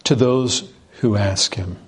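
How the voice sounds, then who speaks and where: A man's voice: on the low side, slow pace, slightly rough. A man preaching an earnest, emphatic sermon, repeating words for stress.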